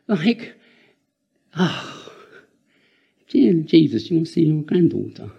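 High, lively older male preacher. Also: a little slow, gravelly, slightly rough, muffled recording. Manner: animated and earnest, with laughing asides and repeated words. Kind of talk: sermon.

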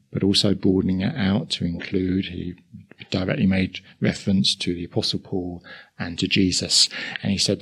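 An older man with an Essex accent preaching a sermon, chatty and full of asides. His voice sits low and gravelly, with a husky, slightly rough edge. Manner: conversational, with asides and quick chuckles.

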